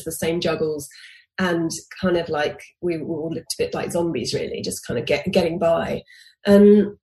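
A woman in her forties, a podcast guest telling a personal story with lively restarts and acted-out quotes. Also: fairly low pitch. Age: 40s. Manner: animated, acts out quoted dialogue with restarts.

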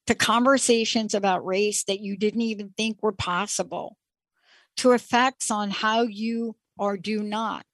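A woman's voice: mid-range voice, dry recording. A middle-aged woman hosting a show, telling a personal story in a reflective, emphatic way and repeating key words for weight. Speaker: show host.

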